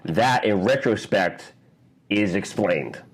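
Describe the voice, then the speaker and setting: Man, low-pitched, casual podcast chat, animated, acts out quotes. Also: slow pace, breathy edge. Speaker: podcast co-host.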